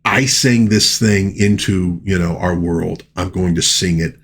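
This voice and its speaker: A man quoting a determined young woman singer in his own low voice. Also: a little slow, a bit bright, husky, full character voice.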